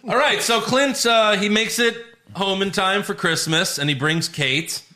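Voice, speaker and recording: Podcast guy recapping a show, acts out the lines, bright voice. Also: sits high, unhurried. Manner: animated, laughs often, acts out quotes. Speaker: podcast host. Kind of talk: casual chat recapping a show.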